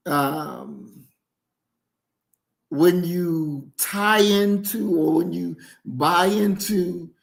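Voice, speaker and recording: Slow-talking preachy male commentator. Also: on the high side, vocal fry. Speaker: livestream host. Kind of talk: commentary on a video clip.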